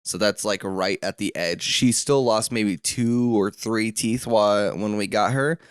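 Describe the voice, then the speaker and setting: A man's voice: on the low side, a little slow, clean tone, no echo, studio quality. Rambling man on a solo podcast. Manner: rambling, many fillers and restarts. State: throat rough, coughing. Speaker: podcast host. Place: room at home.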